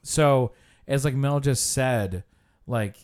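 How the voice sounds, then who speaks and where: A man's voice: mid-range voice, takes it slowly, a little mellow, clear, resonant tone. A man co-hosting a podcast in casual chat, rambling and swearing freely. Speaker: podcast co-host.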